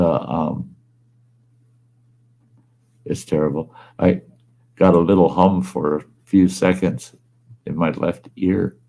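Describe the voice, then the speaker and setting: A man with a deep, gravelly voice spins a casual, rambling yarn from his home. His tone is dark and mellow, and he talks in a plain, folksy way as the host of his own storytelling show. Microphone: wearing earbuds.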